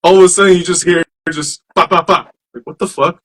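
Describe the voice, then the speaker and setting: A man hosting a podcast, casually telling stories in an animated, profane way. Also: high voice, fairly quick, rough recording. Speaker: podcast host. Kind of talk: casual chat.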